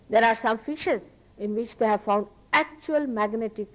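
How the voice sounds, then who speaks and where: A spiritual teacher, a woman with an Indian accent, lectures an audience in a rather high, fairly bright voice. She is earnest and emphatic and repeats phrases for emphasis. This archival talk is a low-quality recording.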